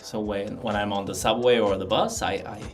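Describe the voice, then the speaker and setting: A man's voice: on the low side, steady tone, brisk, faint music behind. A man with a Swedish accent, a guest chatting casually on a livestream, hesitant and often repeating his words. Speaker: guest playing card designer.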